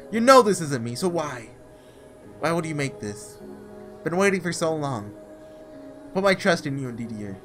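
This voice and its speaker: A tormented young man pours out his anguish in raw, desperate cries, as a man reads him aloud. The voice rides a lively, climbing pitch that lurches up and down. Soft music hums underneath. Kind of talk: reading a visual novel aloud.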